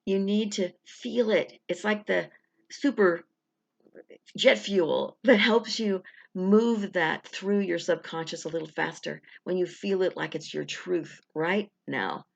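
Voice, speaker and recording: Woman affirmation coach, chatty and encouraging, gravelly fry, dull lo-fi sound. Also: fairly low pitch. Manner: encouraging, conversational, slow deliberate affirmations. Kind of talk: guided affirmation talk. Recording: dull lo-fi recording.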